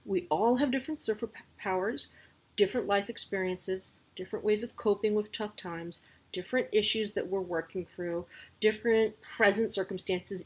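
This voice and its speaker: A woman's voice: medium pitch, slightly rough, rough recording. A woman talking casually as a parent sharing advice, candid and chatty with lots of asides.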